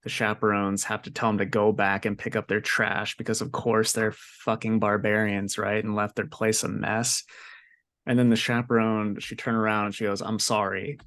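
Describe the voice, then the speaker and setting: Young man, podcast co-host, casual chat, swears a lot, slightly low voice. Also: little pitch movement, normal speed, fairly bright tone. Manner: profane, exasperated storytelling.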